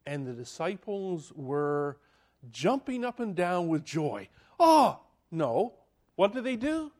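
A high-voiced man preaching a sermon at an unhurried pace. He is dramatic, swinging from loud, emphatic lines down to near-hushed ones. He keeps asking the listeners questions. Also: sing-song.

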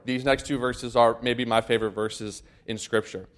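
A young adult man from Florida preaching an informal sermon, chatty and self-deprecating with many fillers and restarts, then reading scripture slowly. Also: mid-range voice, steady tone. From Florida, USA.

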